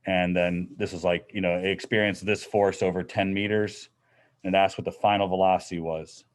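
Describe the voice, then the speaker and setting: A middle-aged man with a fairly low voice lectures a class in a classroom. He explains problems in a relaxed, conversational way, with plenty of fillers. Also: fairly quick. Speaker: physics teacher.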